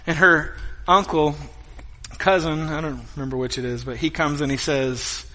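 A middle-aged man preaching a sermon as a pastor, telling stories in an animated way and acting out scenes. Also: on the high side, normal speed. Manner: animated storytelling, acts out scenes. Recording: echoey hall with guitar music behind.

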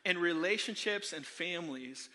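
A man preaching a sermon, telling a funny self-deprecating story from his childhood to the congregation in an animated way. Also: high-pitched, moderate pace. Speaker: pastor. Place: church sanctuary. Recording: long hall reverb.

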